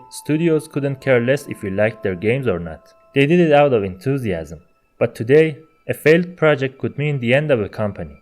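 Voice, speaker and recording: A man narrating a scripted gaming video essay as its host, with wry, sarcastic asides. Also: medium pitch.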